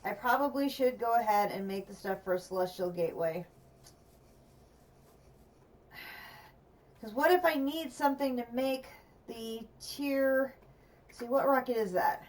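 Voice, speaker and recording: A woman's voice: fairly high pitch, a little slow, long pauses, darkish tone, distant mic. A woman streamer commenting on a game as she plays, thinking aloud and chatting to herself. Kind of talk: gameplay livestream commentary.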